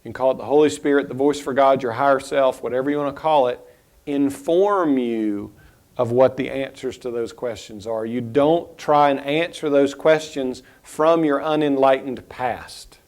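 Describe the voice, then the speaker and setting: Male spiritual teacher, mid-range voice, thoughtful and unhurried, halting restarts. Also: medium pitch, darkish tone. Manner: reflective, unhurried, with pauses and restarts.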